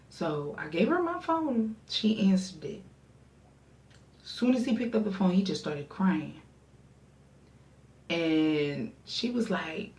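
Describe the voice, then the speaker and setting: A young woman vlogger telling a casual story, animated and acting out her friends' voices. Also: on the low side, measured pace, vocal fry. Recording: roomy echo, distant mic.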